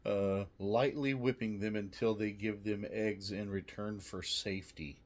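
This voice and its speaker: Laid-back dude reading snack trivia off a box, slow and drawn out, lots of cussing and laughing. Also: male voice, lowish voice, fairly even intonation. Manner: reads trivia aloud, jokey asides, swearing, laughs often. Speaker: snack reviewer. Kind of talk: casual solo snack review.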